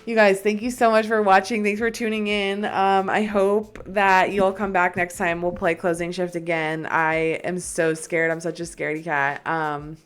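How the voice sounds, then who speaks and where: A young woman chats through a horror game on her live stream, her voice a touch low and her manner jumpy, sliding into frightened whispers. She talks casually into a desk microphone. Faint music plays underneath. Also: smooth. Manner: nervous, frightened whispers and bursts of chatter.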